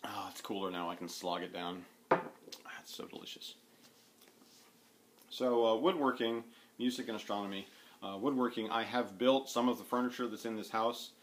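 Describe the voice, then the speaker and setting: A man's voice: on the low side, brisk, slight background noise. A man vlogging casually about his needlework and other hobbies from home, rambling with plenty of fillers and restarts. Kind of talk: casual rambling chat to camera. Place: at home, sitting indoors.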